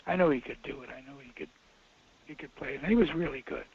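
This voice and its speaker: An older man tells rambling stories in a husky, gravelly voice, stopping and restarting, then hitting words hard. He sits a little high for a man. The audio is dull and lo-fi. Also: animated, fast talker, a little mellow. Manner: rambling, restarting, emphatic bursts. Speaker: filmmaker guest. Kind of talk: casual anecdote.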